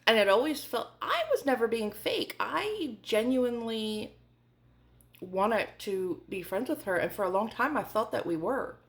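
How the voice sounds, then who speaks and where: A woman's voice: fairly high pitch, lively intonation, measured pace. A woman in her forties telling a candid storytime vlog in a chatty way, full of fillers. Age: 40s. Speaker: vlogger.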